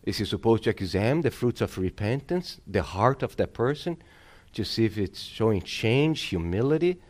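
A man's voice: on the low side, animated, moderate pace, darkish tone. A male pastor delivering a sermon, preaching emphatically and calling on the congregation for amens.

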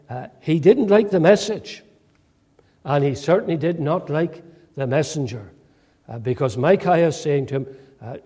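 Husky-voiced man preaching an expository sermon. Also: fairly high pitch, warm tone. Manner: measured, with dramatic quoted speech and frequent "uh" fillers. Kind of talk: sermon, expository Bible teaching.

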